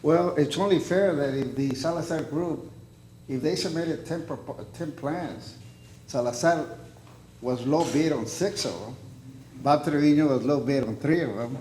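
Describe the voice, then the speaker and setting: A man with a mellow, dark voice argues his case at a board meeting. He speaks insistently, with halting restarts. The room is echoey and a faint ambient hum runs underneath. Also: a little high. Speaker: public commenter at a board meeting. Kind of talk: public comment at a board meeting.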